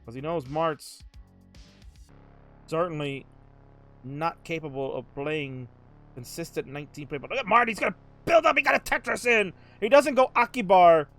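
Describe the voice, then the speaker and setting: A man hosting and commentating a live game stream, jokey and hyped, jumping to shouts at big moments. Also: on the high side, animated, normal speed, soft background music. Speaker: host and commentator. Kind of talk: excited live play-by-play commentary.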